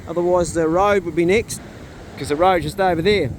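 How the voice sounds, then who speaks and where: A laid-back man narrates a casual vlog outdoors, chatting easily and talking to his dogs. His voice sits slightly high for a man. Wind and outdoor noise are clearly audible under him. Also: normal speed. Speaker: vlogger. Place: outdoors in forestry and in a truck.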